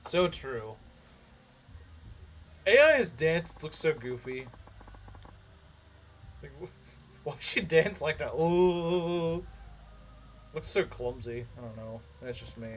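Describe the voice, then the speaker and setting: A man's voice: fairly high pitch, lively intonation, slow pace, pauses often, slight background noise. A young man giving laid-back, amused commentary while playing a game. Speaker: gamer. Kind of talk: casual let's play commentary.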